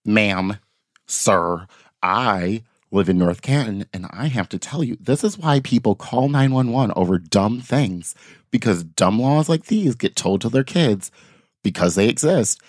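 A man's voice: medium pitch, normal speed, no echo, clean studio sound. A man co-hosting a casual podcast, joking and swearing as he tells stories. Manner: joking, lively storytelling. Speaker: podcast co-host.

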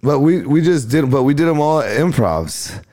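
A man's voice: a little high, lively intonation, moderate pace, darkish tone. A male comedian telling stories in casual chat, laid-back and slangy, acting out what others said. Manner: laid-back slangy storyteller, acts out quotes. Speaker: comedian and podcast guest.

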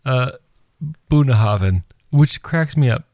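A man's voice: medium pitch, lively intonation, unhurried, darkish tone, no echo, studio quality. A man co-hosting a podcast in casual chat, rambling with lots of fillers and giggling easily. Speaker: podcast co-host.

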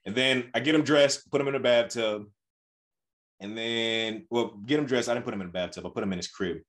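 A young podcast co-host with a medium-pitched voice talks fairly quickly as he recounts a family story in casual chat. He tells it animatedly, acting out the dialogue.

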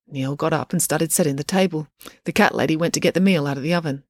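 A woman reading a children's chapter book aloud in a steady, clear way. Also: sits low, quick pace, no room sound, clean studio sound. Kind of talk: storybook read-aloud narration.

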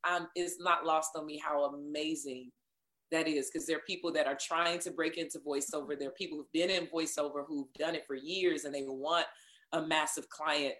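Woman, voiceover artist, interview guest, lively storytelling, lower-pitched voice. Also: normal speed. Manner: animated, acts out quoted dialogue.

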